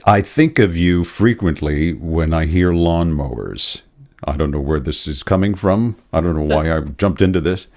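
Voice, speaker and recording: A male co-host with a low voice chats loosely, wandering into jokey side remarks. He admits he doesn't know where his tangents come from. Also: normal speed, darkish tone. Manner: rambling, jokey asides. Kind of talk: casual interview chat.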